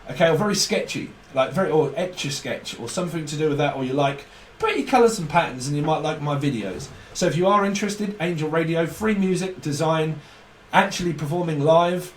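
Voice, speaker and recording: A man's voice: on the high side, reverberant, recorded from a distance, a little hiss or hum. A man giving a rambling, profane tarot reading, laughing often as he talks. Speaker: tarot reader.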